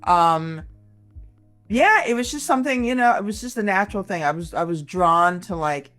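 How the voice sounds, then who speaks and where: Lively woman in her sixties, quick restarts. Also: lowish voice, faint music behind. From Michigan, USA. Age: 60s. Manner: animated, quick asides, many restarts. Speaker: guest comedian. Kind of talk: casual interview chat.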